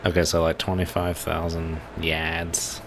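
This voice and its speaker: A man's voice: deep voice, completely flat delivery, unhurried, background noise. A man streaming a naval game, musing aloud in casual commentary. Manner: laid-back, musing aloud.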